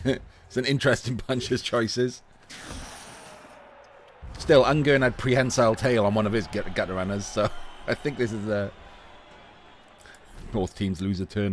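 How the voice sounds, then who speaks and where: A man's voice: lowish voice, a little hiss or hum. Chatty, laughing male game commentator. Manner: chatty, laughs often, swears casually. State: voice getting a little hoarse. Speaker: esports commentator. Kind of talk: casual live video game commentary.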